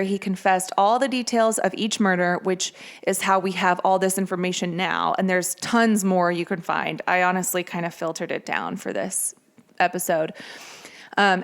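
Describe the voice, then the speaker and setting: A woman hosts her podcast and talks through a true-crime case in a loose, conversational way. Her voice sits at an ordinary middle pitch, and she drops in casual asides as she goes. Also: normal speed. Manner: chatty, conversational with fillers. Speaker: podcast host.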